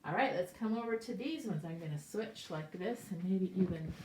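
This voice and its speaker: An older woman teaching preschoolers the letter A, patiently sounding out words and asking gentle questions. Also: lowish voice, expressive, normal speed, a little hiss or hum. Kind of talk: slow, clear phonics lesson for small children. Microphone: camera set up at a distance. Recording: roomy echo, voice from far off.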